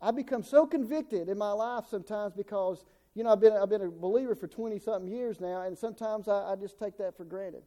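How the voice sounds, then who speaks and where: A man's voice: high voice, brisk, few pauses, mellow. A middle-aged man preaching a sermon in a folksy way, stumbling over repeated words and acting out the people he quotes.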